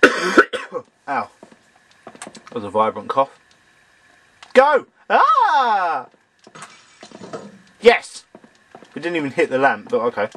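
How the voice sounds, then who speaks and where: A man doing let's-play commentary, excitable, swearing at the game and talking to its characters, and a bit hoarse as he loses his voice. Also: medium pitch, unhurried, long pauses, a little hiss or hum. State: losing his voice. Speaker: let's player. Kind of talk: gameplay commentary.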